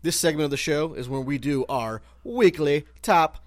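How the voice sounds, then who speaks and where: A man's voice: on the high side, moderate pace, dry recording. A man hosting a casual radio show, joking loosely and leading the segments.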